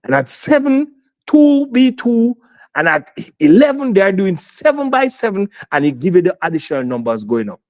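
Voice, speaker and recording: Insistent high-pitched man arguing. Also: big pitch swings, moderate pace, darkish tone. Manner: insistent, repeats himself, talks over others. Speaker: sports talk panelist. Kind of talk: heated sports debate.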